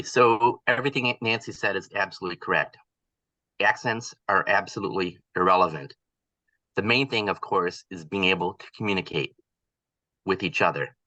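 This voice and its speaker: A man serving as the guest language expert on a video call, explaining in a measured, lecturing way. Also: on the low side, bright, forceful tone, no room sound, poor audio.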